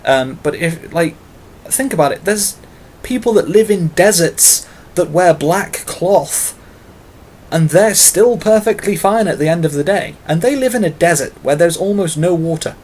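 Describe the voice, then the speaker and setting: A man's voice: sits high, lively intonation, unhurried, darkish tone, slightly rough. A British man talking casually to camera in a tag video, long-winded and full of fillers, with self-mocking asides. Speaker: vlogger.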